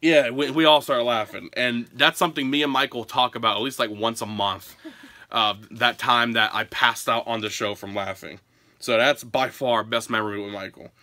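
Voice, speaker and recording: Male home vlogger, animated casual storyteller, bright edge, dry close recording. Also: medium pitch, normal speed, dry recording. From Pennsylvania. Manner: chatty and animated, often laughing. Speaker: vlogger answering viewer questions. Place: his home.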